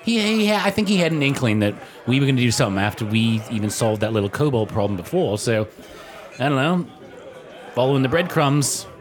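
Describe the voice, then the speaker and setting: A man speaks as a tabletop player, laying out his party's deeds. His tone is plain and earnest, and he keeps an even pace. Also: mid-range voice, a little fast, a faint crowd.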